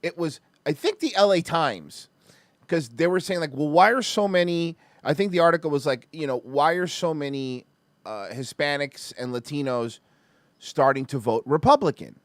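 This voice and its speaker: A man with a high voice that leaps up and down hosts a casual podcast chat. He tells stories in an animated, profane way, full of fillers and restarts. The sound is close and dry, with no room around it. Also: moderate pace, no echo. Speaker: podcast host.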